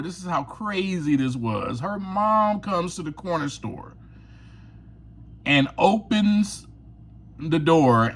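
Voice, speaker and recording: A man tells his own story on his podcast, candid and confessional, with laughter breaking in here and there. His voice sits a little high and swings widely in pitch as he talks. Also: a bit bright. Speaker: podcast host. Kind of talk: personal storytelling monologue.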